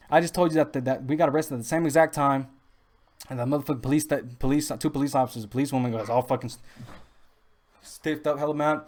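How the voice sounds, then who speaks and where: A man's voice: a little high, fairly even intonation, fast talker. A young man, telling rambling stories casually with lots of restarts and street slang. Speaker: podcast host. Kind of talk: casual storytelling.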